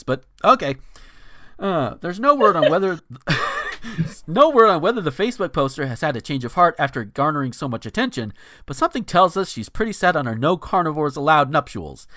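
A man's voice: fairly high pitch, bright, forceful tone, no room sound, clean studio sound. A man hosting a podcast, reading viral news with sarcastic asides and frequent stammered restarts. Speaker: podcast host. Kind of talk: casual news commentary.

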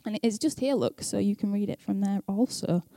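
A woman's voice: mid-range voice, a little fast, gravelly, dark tone, no room sound. A young woman speaking at church in a chatty, self-deprecating way, laughing often, then reading scripture aloud. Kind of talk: casual talk and scripture reading.

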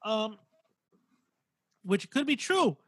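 High-voiced man breaking down a fight. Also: very animated, extremely slow, a bit bright, slightly rough, no room sound. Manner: analytical, rambling, casual swearing. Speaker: boxing podcast co-host. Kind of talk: casual chat.

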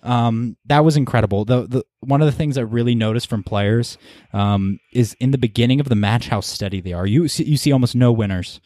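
A man's voice: mid-range voice, a little fast, few pauses, a little mellow, no room sound. A man hosting a podcast, talking casually and rambling with lots of ums and restarts. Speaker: podcast host. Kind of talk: casual chat.

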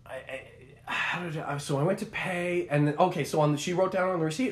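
A young man co-hosting a podcast, telling a story in an animated, rambling way with many restarts. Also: on the high side, quick pace. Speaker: podcast co-host. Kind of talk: casual chat.

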